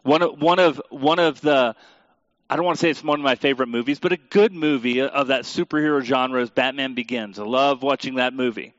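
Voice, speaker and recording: A man's voice: medium pitch, a little fast, no echo. Male pastor, chatty sermon delivery, dull dry recording. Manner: conversational, self-deprecating asides to the congregation.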